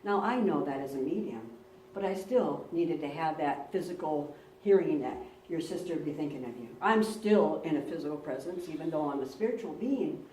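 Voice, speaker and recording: A woman's voice: low voice, expressive, normal speed, darkish tone, a little hiss or hum. A woman pastor giving a sermon, telling personal stories earnestly and repeating words for emphasis. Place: church. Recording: roomy church, recorded from a distance.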